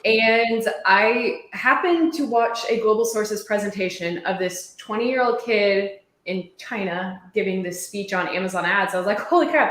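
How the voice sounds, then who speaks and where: A woman from Arkansas on a panel, telling her story in an upbeat, candid way. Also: mid-range voice. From Arkansas, USA. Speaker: panel guest. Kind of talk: casual panel chat. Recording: roomy echoey sound.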